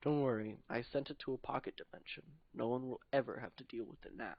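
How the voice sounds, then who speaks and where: A man voicing a calm, soothing wizard. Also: medium pitch, fast, gravelly, dry recording. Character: calm kindly male wizard, reassuring. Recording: dull dry lo-fi recording.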